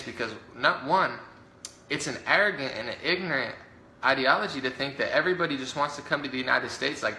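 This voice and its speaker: A political commentator rants heatedly to camera about his opponents in a gravelly, mid-range voice that's sharply bright and forceful. He speaks rapidly and indignantly, stacking up fillers and mocking the other side in put-on voices. The recording has a roomy echo and slight background noise.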